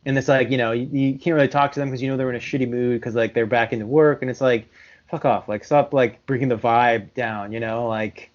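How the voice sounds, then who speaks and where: A man's voice: medium pitch, fairly even intonation, fairly quick. A man co-hosting a podcast in casual chat, easygoing and full of filler words. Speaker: podcast co-host. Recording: dull lo-fi sound.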